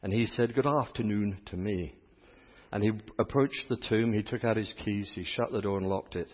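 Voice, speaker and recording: English priest, low husky voice, exuberant sermon, echoey church, dull recording. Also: male voice, steady tone, moderate pace. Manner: exuberant, chatty preaching with audience call-and-response. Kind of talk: sermon at a healing service.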